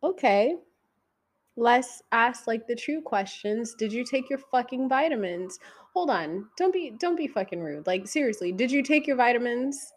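A woman in her thirties hosting a casual solo podcast, swearing freely and teasing the listener directly, her voice going high when she gets excited. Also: moderate pace. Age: 30s. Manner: profane, teasing, talks straight to the listener. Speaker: podcast host.

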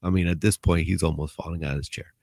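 A man's voice: deep voice, fairly even intonation, quick pace, creaky, a little mellow, slightly rough, dry recording. A man hosting a podcast, telling a prison story in a laid-back, profane way with bits of Spanish. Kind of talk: casual storytelling.

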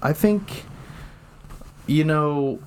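A man's voice: a little high, very slow, a little hiss or hum. A young man co-hosting a podcast, chatting casually and rambling with lots of ums and restarts, recorded at home. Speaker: podcast co-host. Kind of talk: casual chat. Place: home room.

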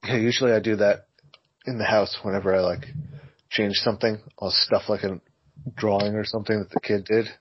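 A man chatting casually on a podcast, joking in a dry, deadpan, mumbling way. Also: fairly low pitch, a little fast, slight background noise. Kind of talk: casual banter. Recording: slightly dull lo-fi audio.

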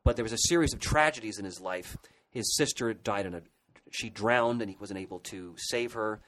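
A podcast co-host retells comic book history in a casual discussion, enthusiastic and rambling, with many restarts. His voice is on the low side and a bit bright at a moderate pace, in poor audio with a little hiss or hum.

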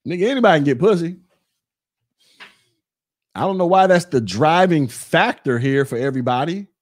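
A man's voice: fairly high pitch, expressive, moderate pace. A man in his forties hosting a podcast, ranting bluntly with mocking, profane talk. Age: 40s. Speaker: podcast host. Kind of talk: casual rant.

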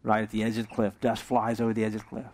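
Talking rapid-fire in a fairly low voice, a pastor preaches a sermon to the congregation gathered for a church service. He animatedly tells a joke, acting out different voices as he goes.

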